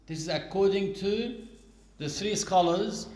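Slow-spoken man teaching in an echoey room. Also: high-pitched, a little mellow. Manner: deliberate, explaining with everyday examples. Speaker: Islamic teacher. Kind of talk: religious lesson.

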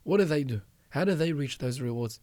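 A man's voice: a little high, expressive, fairly quick, darkish tone, dry recording. A man hosting a religious advice talk, earnestly urging listeners and repeating phrases for emphasis. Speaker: podcast host.

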